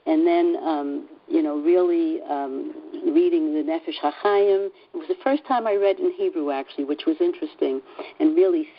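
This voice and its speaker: A woman sharing a personal story in a group call, earnest and halting, with many fillers and restarts. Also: sits low, muffled recording. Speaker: class participant.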